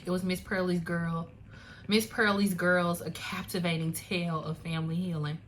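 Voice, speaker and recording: A young woman talking through books in a casual, animated way, full of "like" and "y'all", with laughing asides. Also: on the low side, normal speed, slight background noise. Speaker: book reviewer. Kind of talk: casual chat. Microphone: phone camera.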